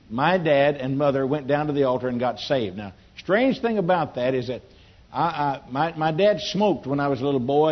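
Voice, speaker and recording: An older man with a Southern accent, preaching in a homespun storytelling way and rising to emphatic bursts. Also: on the high side. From Louisiana. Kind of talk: folksy testimony sermon. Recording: dull lo-fi sound.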